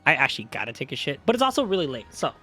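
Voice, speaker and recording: A man's voice: medium pitch, very animated, rapid-fire, pushed and bright, slightly rough, soft background music. A young man chatting casually on a live stream, rambling and joking, often correcting himself. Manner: rambling, self-correcting, jokey.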